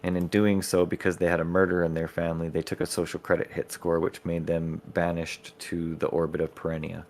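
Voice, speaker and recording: A man's voice: low voice, completely flat delivery, fairly quick, hardly any pauses, a little mellow, a little hiss or hum. A man, the game master of a tabletop campaign, explaining his setting's lore in casual podcast chat.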